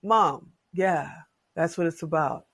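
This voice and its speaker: A woman in her late fifties, a podcast guest talking in a casual interview as an expressive, folksy storyteller. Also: low voice, slow, breathy edge. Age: 50s.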